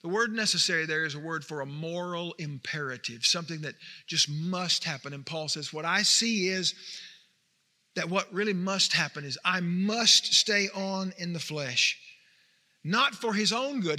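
A man preaching a sermon as a pastor, telling stories in an animated way that builds to emphatic peaks. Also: sits high, big-room sound.

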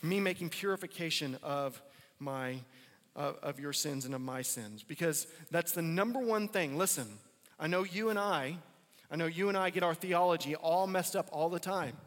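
Man, pastor, conversational sermon, repeats himself for emphasis, higher voice, echoing hall. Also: normal speed, fairly bright tone.

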